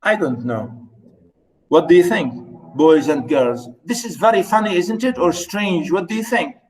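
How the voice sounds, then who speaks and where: Slow, high-voiced man lecturing on poetry. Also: recorded from a distance, low-quality recording. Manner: animated, rhetorical questions, reads verse aloud slowly. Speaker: literature lecturer.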